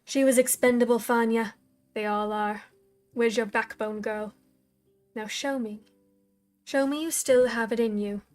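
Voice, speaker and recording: A woman voicing a cold, scornful dark mentor. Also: a little high, steady tone, measured pace, pauses often, soft background music, natural voice. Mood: cold, commanding.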